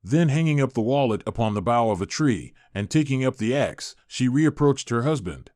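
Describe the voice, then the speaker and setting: Male audiobook narrator, measured recitation, mid pitch, dry booth sound. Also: no echo. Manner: steady, even recitation with formal old-fashioned wording. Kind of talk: measured scripted reading of an epic.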